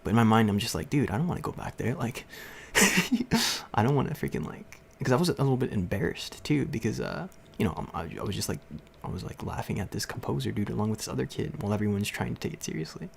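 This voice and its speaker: Gravelly, low-voiced young man rambling. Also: lively intonation, fast talker, a little hiss or hum. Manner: rambling, laughs often, many fillers. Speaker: livestream host. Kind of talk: casual storytelling to chat.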